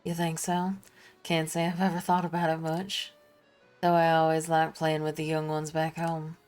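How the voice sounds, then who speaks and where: A woman's voice: low voice, completely flat delivery, normal speed, darkish tone, soft background music, lightly acted. A woman voicing a kindly young male traveling apothecary with a put-on Southern drawl, reading game dialogue aloud. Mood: reassuring. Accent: put-on American Southern. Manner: folksy, reassuring drawl.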